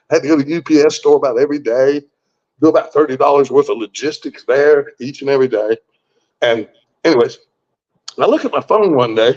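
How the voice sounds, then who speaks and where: In a muffled, lo-fi recording, a man in his sixties with a gravelly, medium-pitched voice shares a personal story as a guest. He's folksy and blunt, curses without hesitation, and often starts his sentences over.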